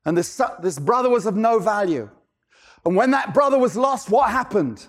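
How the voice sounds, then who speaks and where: A man with a high-pitched voice preaches to his congregation. He fires off rhetorical questions and repeats lines for emphasis. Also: lively intonation, moderate pace. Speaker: pastor. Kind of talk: sermon.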